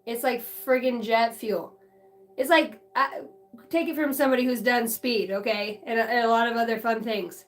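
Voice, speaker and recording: A woman's voice: on the high side, fairly even intonation, normal speed, faint music behind. Chatty, profane woman vlogger. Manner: profane, laughs often, jumps between stories. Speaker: channeler and card reader. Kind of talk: rambling casual vlog chat.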